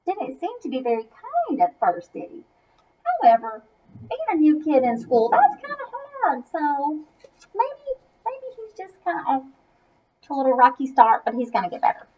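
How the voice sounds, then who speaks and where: A woman's voice: high voice, wildly swooping pitch, unhurried, pauses often, lo-fi sound. Woman reading a kids' story aloud. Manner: chatty asides to young listeners. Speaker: masked reader. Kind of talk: expressive children's story read-aloud.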